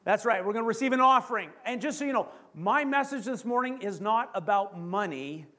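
Canadian male pastor, very high voice, lively sermon delivery, calls out questions to the room. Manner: lively preaching with rhetorical questions and stressed slow phrases.

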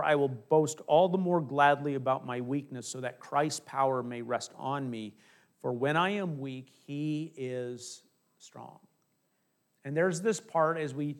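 A middle-aged male pastor preaching a conversational sermon, acting out little asides and dropping from emphatic to hushed. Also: on the high side.

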